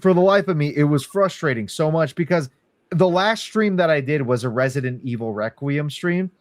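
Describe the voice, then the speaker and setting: A man's voice: a little high, dry recording. A young man, chatting casually as a podcast co-host, rambling and swearing between laughs. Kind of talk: casual chat.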